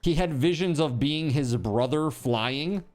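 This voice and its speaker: A man's voice: a little high, measured pace, darkish tone. A man streaming a game, chatting casually in a rambling, joking way, swearing now and then and packing his talk with fillers.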